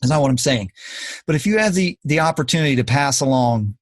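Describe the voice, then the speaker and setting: A man's voice: medium pitch, animated, fast, no room sound. Earnest man lecturing on a podcast. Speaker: podcast host. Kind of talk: casual podcast talk.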